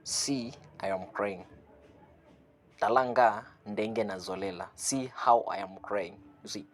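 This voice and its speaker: A man giving an online language lesson, saying phrases slowly, repeating them and translating each one, with a chuckle now and then. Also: lowish voice. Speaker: language teacher.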